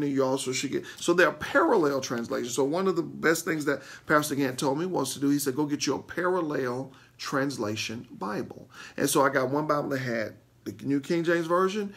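A man, a pastor, teaching a Bible lesson with emphatic repeats and frequent "okay?" check-ins to his listeners. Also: husky. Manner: animated, swings between loud bursts and low asides.

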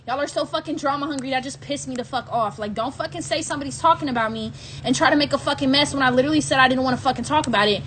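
A woman's voice: high voice, rapid-fire, background noise. A woman hosting a livestream, ranting angrily at her viewers with heavy swearing and repetition. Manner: irritated, heavy swearing, repeats herself. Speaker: livestream host. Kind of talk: angry rant to live viewers.

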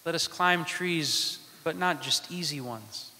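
A male priest delivers a sermon in a slow, deliberate cadence, pausing between short phrases. His voice sits a little high and has a bright, forceful edge. The church gives it a long, ringing reverb. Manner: slow, measured preaching with dramatic pauses.

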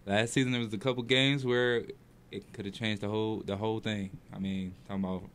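A man's voice: on the low side, fairly even intonation, fairly quick, a bit bright, slight background noise. A man who coaches football, talking earnestly and casually about his players. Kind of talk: casual chat.

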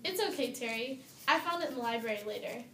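A woman's voice: a little high, expressive, fast talker, pushed and bright, echoey room, a little hiss or hum. A woman voicing a young girl pig in a storybook, plain and matter-of-fact.

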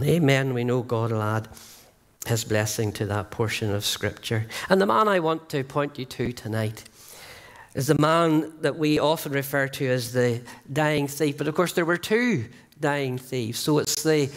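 A man preaching an evangelistic sermon in a church, earnest and emphatic, slowing down to stress key phrases. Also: medium pitch. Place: church sanctuary.

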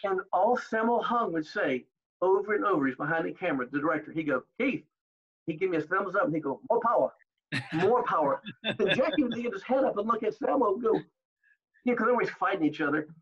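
Older man, husky, high-pitched, animated anecdotes, dull lo-fi recording. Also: fast. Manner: animated anecdotes, acting out quoted exchanges. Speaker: interview guest. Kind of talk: storytelling in an interview.

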